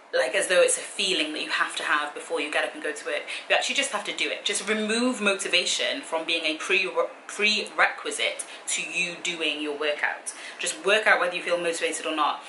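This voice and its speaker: A young woman chatting casually to camera in a Q and A, easily sidetracked and quick to laugh. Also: lowish voice, pushed and bright, roomy sound, slight background noise, low-quality recording. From Britain. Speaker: fitness vlogger. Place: hotel room.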